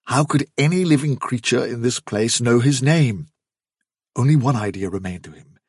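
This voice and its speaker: Husky male reader, lively, dry close read. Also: mid-range voice, no room sound. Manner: measured, hushed storytelling. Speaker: audiobook narrator. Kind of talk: scripted narration.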